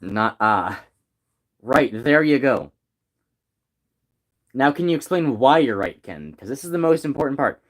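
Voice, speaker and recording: A man's voice: medium pitch, big pitch swings, measured pace, pauses often. A young man in casual chat with friends, teasing them in a mock-teacherly way.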